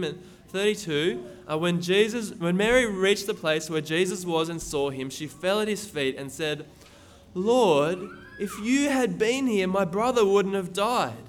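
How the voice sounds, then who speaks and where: Emphatic high-voiced male preacher. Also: fairly bright tone. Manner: earnest, emphatic, repeats words when stressing. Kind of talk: sermon with Bible reading.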